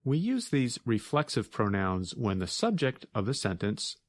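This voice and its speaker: A man hosting an English learning podcast, explaining words in a deliberate, carefully enunciated way. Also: medium pitch, sing-song, dry recording. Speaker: podcast host, English teacher. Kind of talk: slow, clear teaching explanation.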